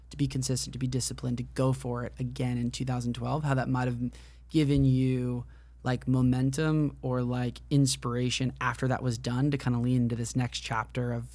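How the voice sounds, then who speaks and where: A man with a mid-range, slightly mellow voice hosts a casual podcast interview, recorded dry. He asks long, winding questions and leans heavily on "like" as filler.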